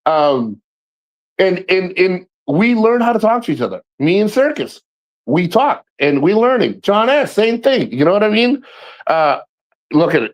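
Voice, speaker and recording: A man hosting a casual livestream, talking to viewers by name and ranting in a profane, animated way with frequent laughs. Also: high voice, measured pace. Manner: laughs often and repeats himself. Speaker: livestream host.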